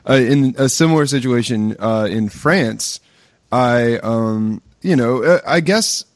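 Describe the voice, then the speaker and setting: A man's voice: mid-range voice, slow, no room sound. An American man hosting a podcast, talking casually with lots of restarts and fillers into his own close mic. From United States. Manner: rambling, many restarts and fillers. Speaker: podcast host. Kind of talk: casual chat. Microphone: own mic with gain control.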